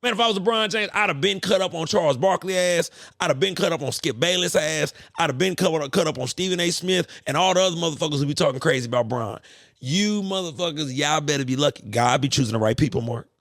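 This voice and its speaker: A man hosting a podcast, ranting in a casual, profane, animated monologue. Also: on the high side, fast, creaky, no room sound, clean studio sound. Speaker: podcast host.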